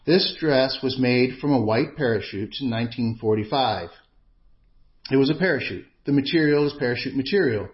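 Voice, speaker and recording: A man preaching a sermon in an earnest, measured, emphatic way. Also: mid-range voice, muffled recording.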